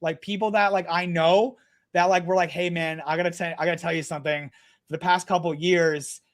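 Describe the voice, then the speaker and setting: A young man talks in a casual podcast chat, his voice sitting high for a man. He tells his stories bluntly and swears freely. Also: steady tone, a little fast. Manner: blunt, profane storytelling. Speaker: guest.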